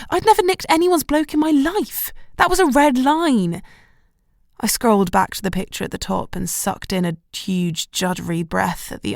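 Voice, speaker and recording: A woman reads a first-person romantic comedy with wry, expressive timing. Her mid-pitched voice has a noticeable gravelly fry. The recording is close and dry. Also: dry recording. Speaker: audiobook narrator. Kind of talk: first-person scripted narration.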